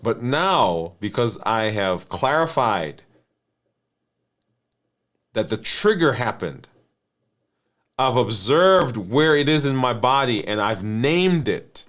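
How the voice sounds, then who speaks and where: An earnest man talks through a lesson on emotional health at a mid-range pitch. He coaches in a steady, explaining way, keeps checking in with "right?" and restarts his phrases as he thinks aloud. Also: slow, long pauses. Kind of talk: teaching monologue.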